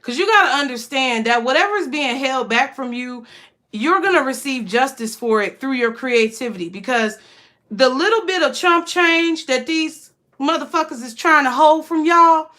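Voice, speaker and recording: A woman with a high voice reads tarot cards in a casual, talkative way. She is emphatic and blunt, and she swears freely. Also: expressive, normal speed, sharp tone. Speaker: tarot reader.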